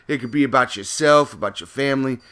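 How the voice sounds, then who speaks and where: A man's voice: mid-range voice, fast talker, a bit bright, clean tone. A man, a gaming YouTuber, talking in a casual, profane, rambling rant over gameplay commentary.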